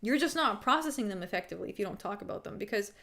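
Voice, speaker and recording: A woman's voice: medium pitch, animated, rapid-fire, a bit bright. Candid rambling young woman streamer. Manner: rambling and candid, frequent "like", swearing, laughing often. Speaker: streamer hosting a fight-picks live stream. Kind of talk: casual chat. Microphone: desk microphone.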